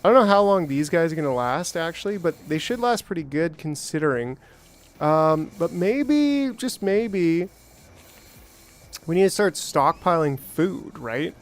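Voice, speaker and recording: Male streamer, slightly high voice, chatty self-talk with excited spikes. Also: measured pace. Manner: rambling, self-talking, jokey with bursts of excitement. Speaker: gameplay streamer. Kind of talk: casual let's-play commentary.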